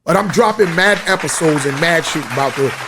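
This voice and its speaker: A man's voice: fairly high pitch, animated, a little fast, background noise. A man hosting his podcast in a media studio, telling a rambling story in slang-heavy street talk. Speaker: podcast host. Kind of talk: casual storytelling monologue.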